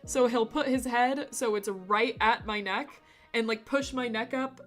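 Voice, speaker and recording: A woman's voice: fairly high pitch, a little slow, a bit bright, faint music behind. A woman streamer chatting casually with her live chat, playful and rambling, laughing often between remarks.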